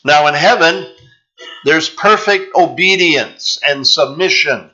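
A man delivers a sermon at an unhurried, deliberate pace, stretching out the verses he reads aloud. His voice is bright and forward. The recording from the church sanctuary sounds somewhat dull and lo-fi. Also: a little high. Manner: slow, deliberate preaching with drawn-out scripture reading. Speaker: pastor.

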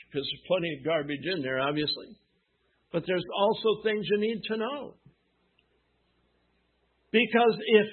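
A man delivers a sermon in a high, husky voice at an unhurried pace. He asks his listeners questions and answers them emphatically, with long pauses between phrases. The sound is narrow and tinny, like a phone call. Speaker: preacher.

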